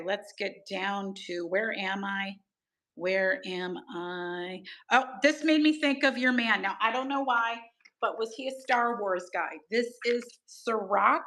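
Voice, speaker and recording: A woman's voice: on the high side, bright, forceful tone. A middle-aged woman, hosting a live-stream auction, gushing over items and greeting viewers by name. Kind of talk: chatty live auction selling.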